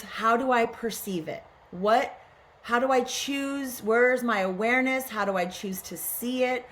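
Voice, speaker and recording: A middle-aged woman speaks as a podcast guest, earnest and reflective. She muses aloud in a voice of ordinary, middle pitch, posing questions to herself as she goes. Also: fairly bright tone. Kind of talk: reflective spiritual conversation.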